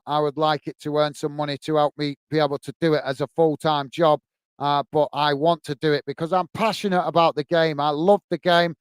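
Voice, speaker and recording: This man's voice is a little high and clean, recorded with no room sound. He runs a live football watch-along, ranting with passion, chatting to viewers and calling them mate between snippets of match commentary.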